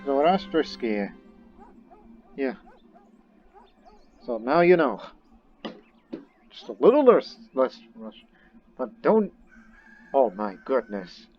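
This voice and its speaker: A man's voice: mid-range voice, animated, measured pace, pauses often. Rambling man narrating a strategy game. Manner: rambling, thinks aloud while playing. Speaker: let's play gamer. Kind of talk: casual gameplay commentary. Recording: dull lo-fi recording with faint game music.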